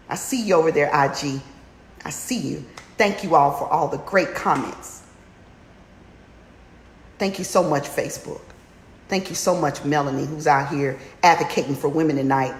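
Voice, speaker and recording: On a motivational livestream, a woman with a slightly low voice coaches listeners through a women's challenge, hammering her points with fiery repetition and rising to near-shouts as she urges them on. The audio is roomy and echoey, with a faint background hum.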